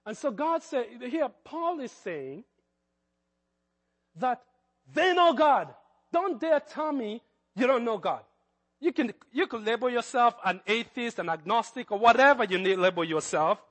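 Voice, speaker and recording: A man's voice: extremely high pitch, expressive, a little slow, a bit bright, long reverb tail. A man with a Kenyan accent preaching a sermon as pastor, with hesitant fillers that build to fervent emphasis.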